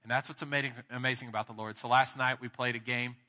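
A man with a Texan accent preaching a sermon as pastor, candid and storytelling, growing animated in his anecdotes. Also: mid-range voice, quick pace, in a large hall.

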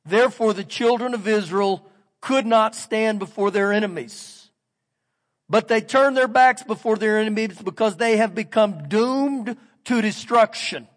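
A man preaching a sermon as pastor, reading scripture aloud and switching between loud emphasis and quiet asides. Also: sits high, a little slow, long reverb tail. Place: church sanctuary.

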